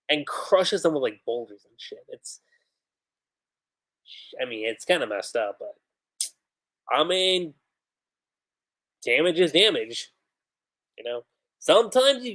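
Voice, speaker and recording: A man on a livestream, casually recapping and reading out comic panels, rambling with slangy asides. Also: on the high side. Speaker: livestream manga reviewer.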